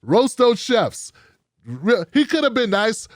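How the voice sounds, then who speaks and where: A man hosting a commentary show, giving a blunt, animated opinion monologue full of rhetorical questions. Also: very high-pitched, takes it slowly, no echo, studio quality.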